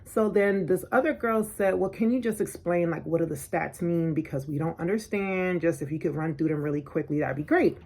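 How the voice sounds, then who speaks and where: A woman vlogger telling a personal story in an animated, indignant way, acting out what people said. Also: on the low side, a little fast, hardly any pauses. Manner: animated, indignant, acts out quotes. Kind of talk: storytelling vlog.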